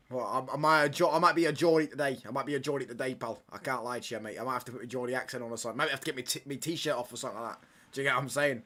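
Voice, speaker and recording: A young man, talking casually as he streams a football match. He ribs rival fans with cheeky banter, laughs often and caps his lines with mate and pal. His voice sits at an ordinary middle pitch for a man. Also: steady tone, racing, bright, forceful tone. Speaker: football watch-along streamer. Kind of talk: live casual chat over a match.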